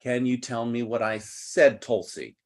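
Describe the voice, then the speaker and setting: A man teaching an online English class over a video call, explaining slowly and patiently. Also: mid-range voice. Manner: patient, slow, deliberate explaining.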